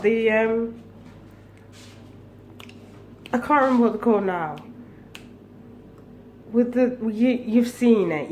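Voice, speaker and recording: A woman's voice: mid-range voice, a little hiss or hum. A young woman, ranting casually to camera at home in a vlog, swearing often. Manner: swearing, animated, laughing between phrases. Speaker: vlogger.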